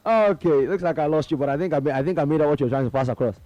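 A man's voice: on the high side, no room sound, lo-fi sound. A man with a Nigerian accent hosting a call-in sports radio show, upbeat and chatty. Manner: upbeat, drawn-out greetings, chatty. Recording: radio broadcast with faint music.

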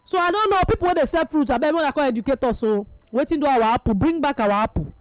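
A man's voice: very high-pitched, lively intonation, rapid-fire, no echo, poor audio. A man with a Nigerian Pidgin accent hosting a call-in radio talk show, chatting and reading out listeners' texts. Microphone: studio microphone.

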